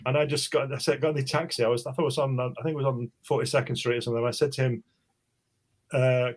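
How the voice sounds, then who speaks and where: A man's voice: mid-range voice, fairly even intonation. Older english guy rambling through a story, keeps stumbling over words, middling voice. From England. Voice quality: rambling, halting, repeats words. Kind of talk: casual storytelling chat.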